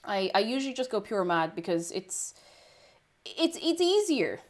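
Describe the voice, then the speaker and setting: A woman hosting a casual livestream, chatting excitably and thanking her viewers. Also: a little high, moderate pace. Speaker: livestream host.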